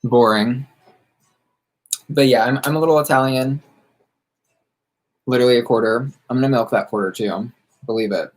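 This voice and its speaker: Chatting casually while applying makeup, this sassy, campy American drag queen answers livestream viewers in drag slang. His pitch is middling for a man, and he talks at a normal speed but leaves long pauses.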